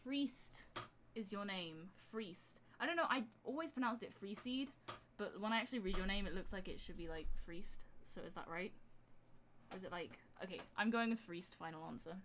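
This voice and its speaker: A woman's voice: mid-range voice, a little fast, a little hiss or hum. A woman streaming her music production live, chatting casually and thinking aloud with a self-deprecating manner. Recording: music playing loudly behind. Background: electronic beat and synths.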